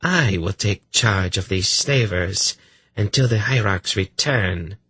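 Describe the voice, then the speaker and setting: A man voicing a scheming, smirking high priestess who speaks slowly in a near purr. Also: pushed and bright, breathy edge, no echo, full character voice. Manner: slow, purring. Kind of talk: audiobook character voice.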